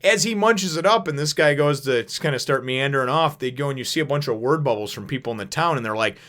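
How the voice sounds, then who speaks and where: Man, casual recap, quick pace, lots of fillers, swears offhand. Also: medium pitch, expressive, a bit bright. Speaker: manga chapter reviewer.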